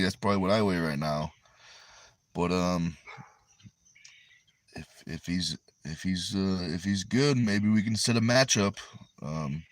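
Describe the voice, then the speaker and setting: A man from Connecticut with a New England accent, hosting a livestream and reading viewer comments aloud in an easygoing, rambling way. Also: deep voice. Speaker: arm wrestler and livestream host.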